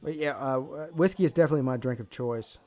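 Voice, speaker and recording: A man's voice: mid-range voice, fast talker, warm tone. Brash, joking man hosting a live stream. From South Carolina. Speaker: host of a live draft stream. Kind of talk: casual live-stream commentary.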